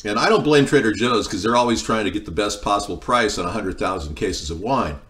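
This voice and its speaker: A man with a fairly low voice hosts a laid-back cooking livestream. He talks in loose, meandering stories and breaks off now and then to answer his viewers' comments. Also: animated, brisk, a bit bright. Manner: rambling, meandering storytelling, answering chat. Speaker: livestream host. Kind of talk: casual live-stream chat while cooking.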